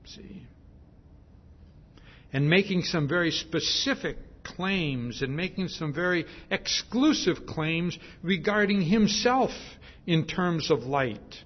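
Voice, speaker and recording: A man preaching a sermon at an unhurried, deliberate pace, his voice sitting a little high for a man. He drives points home by repeating phrases and tagging them with "see?". The recording is dull and lo-fi. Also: animated. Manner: emphatic, repeats phrases for stress.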